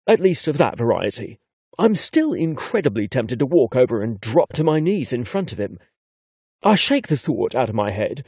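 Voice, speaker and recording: A man narrating a first-person romance audiobook in a cheeky, expressive way. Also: mid-range voice, no echo.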